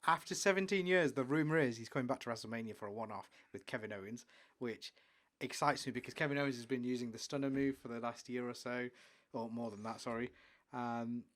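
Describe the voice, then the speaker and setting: A man co-hosting a podcast, chatting enthusiastically about sport and trailing off quietly at the ends of lines. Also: mid-range voice, fairly quick, hardly any pauses. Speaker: podcast co-host. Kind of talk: casual sports chat.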